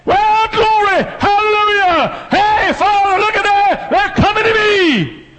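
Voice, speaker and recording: A preacher voicing Jesus in heaven, shouting for joy in a jubilant, high-pitched voice. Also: male voice, a little slow, very noisy.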